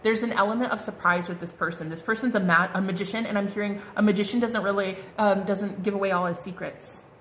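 A woman's voice: mid-range voice, fairly even intonation, quick pace, hardly any pauses, a bit bright, slight background noise. A woman giving a casual tarot card reading, chatty and bubbly, full of fillers and exclamations. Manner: chatty, bubbly, lots of "like" and "oh my God".

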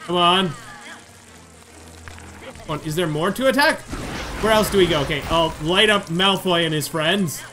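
Let's-play host, male, high bright voice, excitable and chatty, game music faint underneath. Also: normal speed, pauses often. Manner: chatty, excitable, narrating his own moves. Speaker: gamer doing a playthrough. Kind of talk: casual let's-play commentary.

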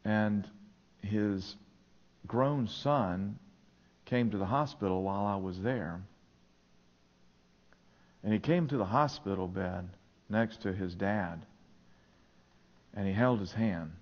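A man's voice: lowish voice, slow pace, pauses often. A male pastor preaching a sermon in a church, telling stories in an earnest way. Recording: dull lo-fi sermon recording.

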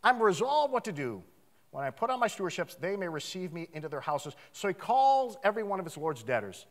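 A man preaching a sermon in a church, animated, swinging from loud outcries to hushed asides. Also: sits high, fast talker. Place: church sanctuary.

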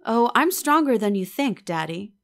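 Young village girl, playful and eager, raised and lively, voiced by a woman reading the book. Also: fairly high pitch, normal speed, gravelly. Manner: eager, bright and coaxing.

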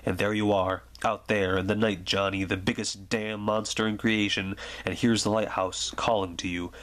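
A weathered old lighthouse keeper speaks in a low, quiet voice, as a man reads him out. He is calm and wistful, and he tells his story slowly and steadily, the way a bedtime ASMR storybook is read. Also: close to an everyday voice.

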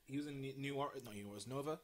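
A man's voice: mid-range voice, quick pace. A young British man hosting a casual comics podcast, chatty, with stumbling restarts. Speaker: podcast host. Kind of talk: casual chat.

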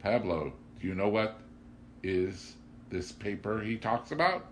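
A man voicing a crafty vagabond who speaks gently and politely, playing innocent. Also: fairly low pitch, lively intonation, measured pace, a little hiss or hum, voice pushed up. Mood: sly, polite.

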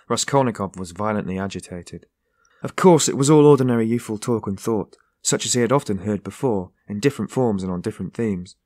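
A man reading a classic novel aloud in a measured, even narration. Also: fairly low pitch, dry recording, studio quality. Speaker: audiobook narrator. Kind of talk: scripted narration.

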